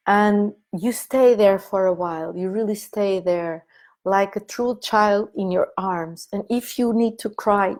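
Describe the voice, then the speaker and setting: A woman guiding listeners through an inner-child exercise in a live online talk, speaking gently and repeating her soothing instructions. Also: mid-range voice, fairly even intonation, unhurried. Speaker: consciousness coach leading an online meeting. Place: online meeting.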